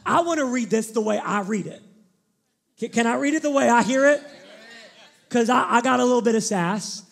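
A male pastor preaching a sermon, animated and emphatic, shifting into candid personal stories. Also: very high voice, moderate pace, gravelly.

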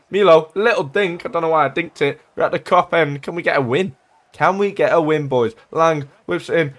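Young guy yelling at his football game, chatty, bit high voiced, quiet game music behind. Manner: excitable, chatty, bursts of shouting at chances. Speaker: gaming YouTuber. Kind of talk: casual gameplay commentary.

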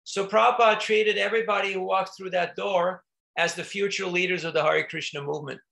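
A man's voice: high voice, steady tone, brisk, gravelly, sharp tone. A man, a monk, giving an informal spiritual talk, telling stories in a conversational way with frequent restarts and little laughs.

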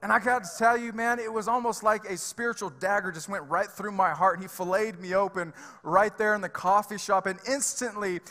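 A man preaching from a church stage, his voice high and bright with a forceful edge. He talks to the congregation casually and with emphasis, full of fillers and repeated words. The big sanctuary lends a long reverb to every phrase. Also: steady tone, a little fast, few pauses. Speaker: pastor. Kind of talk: sermon.

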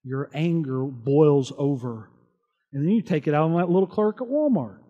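A man's voice: fairly high pitch, expressive, moderate pace, long reverb tail, lo-fi sound. A man preaching a sermon as pastor, earnest and conversational, asking the congregation rhetorical questions. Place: church sanctuary.

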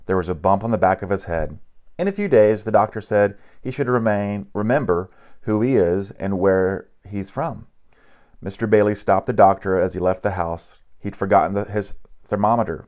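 A man with a low voice reads a picture book aloud. His pace is steady and unhurried, with a few slips and restarts along the way. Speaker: narrator.

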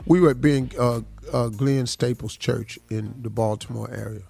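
Guy hosting a morning radio show, kinda raspy and fry-y, chill slang talk in the studio. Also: mid-range voice, steady tone, moderate pace, mellow. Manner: laid-back and slangy, often says "dog" and "man". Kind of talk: casual storytelling chat and motivational talk.

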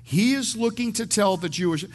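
A male pastor with a high-sitting voice preaches a verse-by-verse sermon at a moderate pace. His style is conversational, with light jokes slipped in and words often repeated as he begins a sentence.

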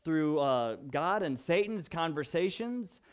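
High-voiced pastor preaching casually. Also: male voice, unhurried, clean tone. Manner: animated, sarcastic asides, acts out quotes. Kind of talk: casual vlog sermon.

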